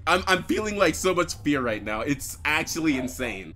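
A man's voice: on the high side, very animated, moderate pace, few pauses, pushed and bright. A young man commentating a horror game he plays, swearing often, jumpy and screaming at scares. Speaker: gaming YouTuber.

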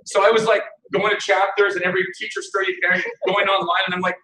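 A man giving a keynote talk, telling funny stories about himself with animated delivery and frequent laughter. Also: high-pitched, fast, a little hiss or hum. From Canada. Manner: animated, self-mocking, laughs often. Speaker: keynote speaker. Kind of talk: humorous storytelling keynote. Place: conference hall. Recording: echoey hall, mic at a distance.

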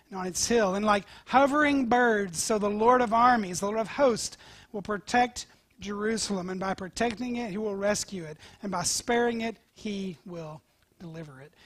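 A male pastor preaching a sermon, telling scripture stories with animated swings from loud to whispered. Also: high-pitched, dry recording. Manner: animated storytelling, dropping to near-whispers.

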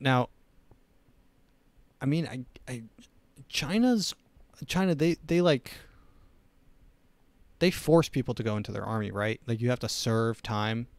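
A man's voice: mid-range voice, slow, pauses often, no echo. A young man hosting a comedy podcast, rambling through opinionated, sarcastic riffs in a casual monologue. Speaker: podcast host.

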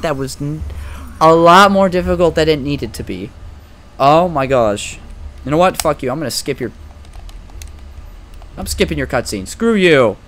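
A young man giving casual, profane let's-play commentary, excitable and trash-talking the game as he plays. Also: on the high side, slight background noise. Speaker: gaming commentator.

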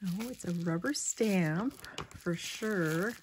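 A woman hosting her craft channel, chatting casually and gushing as she opens mail, often dropping into soft whispers. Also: fairly low pitch, slow pace, slight background noise. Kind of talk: casual unboxing vlog.

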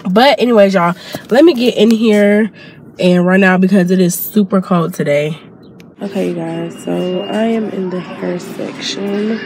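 A woman's voice: mid-range voice, a little slow, over music. A young woman, a new mother, chatting casually to her vlog camera while she has a cold. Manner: chatty, addresses viewers as y'all.

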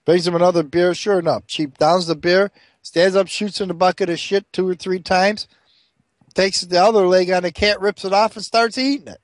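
A man telling a long rambling joke, animated, with frequent asides like checking the listener follows. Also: sits high, moderate pace, no room sound. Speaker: joke teller.

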